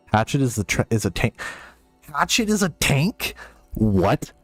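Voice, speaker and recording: A man's voice: medium pitch, very animated, unhurried, long pauses, no room sound, faint music behind. A man streaming a game live and reading chat, flustered, self-mocking and rambling.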